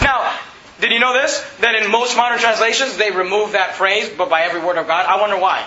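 A male pastor preaching an emphatic sermon to a congregation, repeating his points and rising to shouts. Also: sits high, quick pace. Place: church hall. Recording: roomy, slightly dull, congregation audible. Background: congregation responding.

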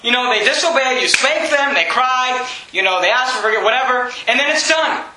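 A man preaching a sermon as pastor, emphatic and often shouting, with chuckles between points. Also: very high voice, animated, brisk, background noise. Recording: roomy echo.

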